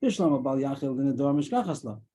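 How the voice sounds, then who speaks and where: A man teaching a daily Talmud class over a video call, explaining quickly and mixing in Aramaic terms. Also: mid-range voice, expressive, dark tone, rough recording.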